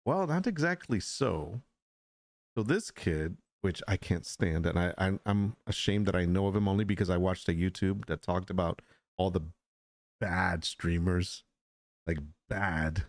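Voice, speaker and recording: In a deep, unhurried voice with no room sound, a middle-aged man talks through his solo podcast. He's candid and opinionated, wandering casually and repeating words whenever he restarts a thought.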